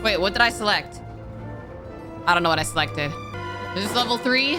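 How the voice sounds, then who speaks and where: A young woman streaming a video game, chatting and reacting with quick jokes. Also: medium pitch, lively intonation, music in the background. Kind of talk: casual gameplay commentary.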